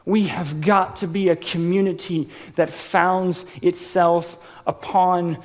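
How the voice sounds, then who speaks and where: A man's voice: sits high, flat delivery, slow pace. A man preaching a sermon as pastor at a live church service, casual and joking as he tells personal stories. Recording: long reverb of a large church hall.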